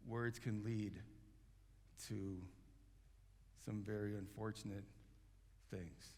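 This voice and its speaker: A man's voice: fairly low pitch, fairly even intonation, slow, dark tone. A man preaching a sermon as pastor, talking in a loose, conversational way with frequent restarts and fillers. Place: church sanctuary. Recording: long church hall reverb.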